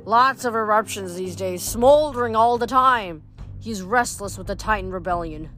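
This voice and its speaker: A woman voicing a gruff, wry male blacksmith god who speaks slowly and deliberately. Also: medium pitch, a bit bright, soft background music, close to an everyday voice. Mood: musing.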